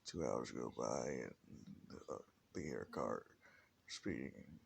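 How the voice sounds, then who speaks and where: A man's voice: a bass voice, lively intonation, slow pace, creaky. A man telling an improvised fan story in a rambling way, full of restarts and "like". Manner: rambling, many restarts and fillers like "like". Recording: faint background hiss.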